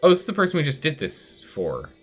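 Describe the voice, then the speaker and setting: A man's voice: fairly high pitch, wildly swooping pitch, fast talker, faint music behind. A man streaming a strategy game live, chatty, thinking aloud and answering chat as he plays. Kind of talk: live gameplay commentary.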